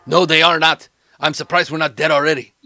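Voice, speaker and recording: Brief: man playing a panicky hired thug, stammering and cursing, bright hard edge, dry close sound. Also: on the high side, fairly even intonation, a little fast, dry recording, pitched above the performer's own voice. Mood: bitter. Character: hot-tempered, foul-mouthed male henchman, panicked. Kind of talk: tabletop game character voice.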